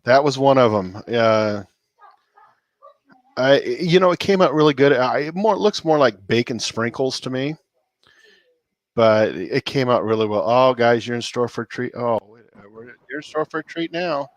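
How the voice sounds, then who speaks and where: A laid-back man chats loosely on his cooking livestream, rambling from one thought to the next and chuckling often. His voice sits at an ordinary middle pitch and sounds close and dry, with almost no room around it. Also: lively intonation, moderate pace, no echo. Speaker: cooking channel host on a livestream. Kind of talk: casual livestream chat.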